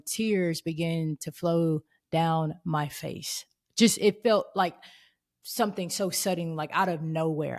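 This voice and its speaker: A woman in her thirties hosting a faith podcast, telling a personal story in an earnest, expressive way and acting out the voices in it. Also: on the low side. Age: 30s. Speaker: podcast host.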